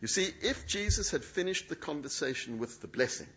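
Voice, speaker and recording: Male preacher, dramatic sermon delivery, lively pitch. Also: brisk, husky. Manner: emphatic, dramatic, acts out quoted speech. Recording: dull lo-fi sound.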